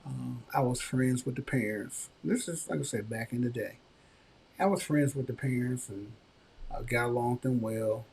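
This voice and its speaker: A man hosting a podcast, telling a personal story in casual conversation and giving frank advice, with animated bursts when he quotes others. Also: mid-range voice, moderate pace, creaky, a little hiss or hum. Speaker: podcast host.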